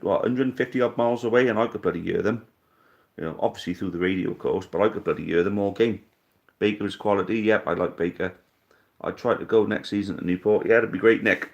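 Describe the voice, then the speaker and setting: A man in his thirties hosting a live stream, casually reading out viewer comments and answering in a blunt, jokey, sweary way. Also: on the low side. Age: 30s. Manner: laid-back, blunt and jokey, swears freely.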